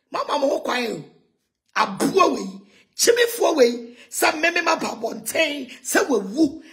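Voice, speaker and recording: A Ghanaian woman ranting heatedly in a mocking tone, shouting insults and laughing between lines. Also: sits high. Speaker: self-styled prophetess ranting on video. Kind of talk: heated rant in Twi and English.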